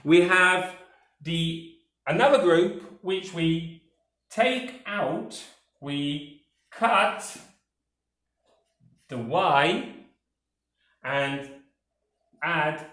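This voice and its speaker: A man a lesson on comparatives, very slowly and pulling words out one by one. His pitch rises and falls widely as he keeps checking that his learners follow. The room around him sounds echoey. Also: expressive, fairly bright tone. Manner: slow, careful, stretches words, checks in with "okay?". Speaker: English teacher.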